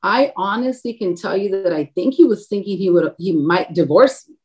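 Speaking at a moderate pace with lively intonation, this guest has a mid-range, slightly mellow voice. An adult woman married with a grown son, she recounts her faith testimony in animated storytelling, voicing the dialogue she quotes and laughing frequently.

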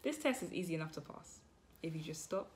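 A young woman with a fairly low voice performs spoken word poetry. Her delivery is rhetorical and questioning, speaking straight to the listener. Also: animated, a little fast, slight background noise. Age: young adult. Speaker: poet.

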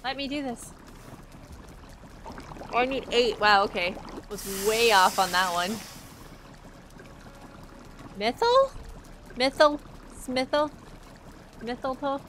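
A woman's voice: a little high, a little slow, long pauses, fairly bright tone, slight background noise. A woman live-streaming a game, thinking aloud in a chatty, playful, teasing way. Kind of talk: live-stream gameplay chat.

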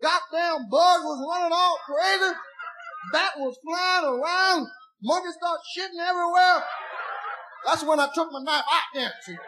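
Guy w a real high voice spinning a dirty comic tale, cracking himself up. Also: a little slow, slight background noise, rough recording. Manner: profane, animated, laughing at his own story. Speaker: stand-up comedian. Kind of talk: comic storytelling.

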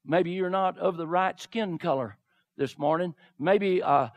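A man preaching a sermon, acting out the figures of the stories he retells and swinging from low murmurs to shouted declarations. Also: a little slow. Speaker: pastor.

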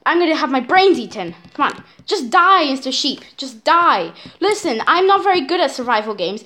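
A woman talks her viewers through a survival game with high, bouncy excitement. Her voice is pitched up and swings widely as she narrates, cries out in alarm and fusses over every move. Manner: excitable, dramatic, often addresses viewers as guys. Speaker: channel host playing a survival game. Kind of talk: let's-play game commentary.

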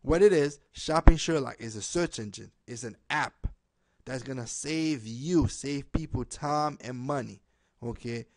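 A man making a direct appeal to camera, pleading and repeating himself, ending most lines with a low "okay?". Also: unhurried, no echo. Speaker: home business promoter.

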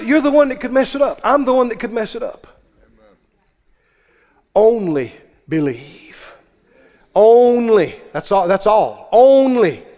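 Male preacher, high and unhurried, earnest sermon in a church with long reverb. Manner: fervent, repetitive exhortation to a congregation.

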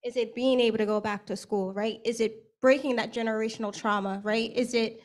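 A woman's voice: a little high, steady tone, fairly quick. A young woman who works as a service provider, speaking earnestly on a panel and often checking in with "right?". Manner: earnest, frequent tag questions. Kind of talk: panel discussion remarks.

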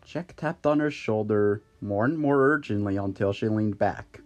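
An audiobook narrator reading a fantasy chapter in a wry, unhurried way, with a faint music bed behind. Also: mid-range voice, darkish tone. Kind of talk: storybook narration.

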